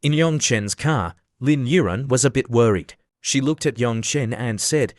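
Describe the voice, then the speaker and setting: A man narrating an animated story recap in a steady, scripted reading. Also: medium pitch, a little slow, hardly any pauses, no room sound, studio quality.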